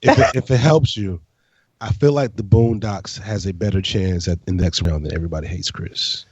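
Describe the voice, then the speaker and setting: A man co-hosting a casual podcast chat, laying out his arguments in a measured way. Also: sits low, darkish tone, breathy edge, no room sound. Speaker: podcast co-host. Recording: dry, slightly dull.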